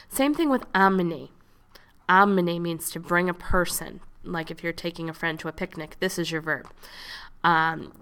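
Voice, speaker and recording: Female teacher, patient explainer, lowish voice with a gravelly fry. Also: a bit bright. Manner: patient, explains step by step, models pronunciation slowly. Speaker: French teacher. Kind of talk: classroom lesson narration.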